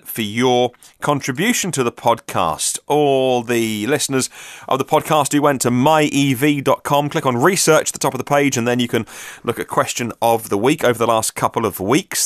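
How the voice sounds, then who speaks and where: A man's voice: medium pitch, dry recording, clean studio sound. A man hosting a solo podcast, reading out listener messages with chatty, self-mocking asides. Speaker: podcast host.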